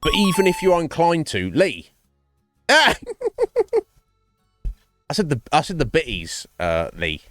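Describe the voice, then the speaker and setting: A man's voice: a little high, huge pitch swings, a little slow, long pauses, fairly bright tone, faint music behind. A man streaming and chatting casually with his viewers, rambling and swearing freely. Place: home streaming setup.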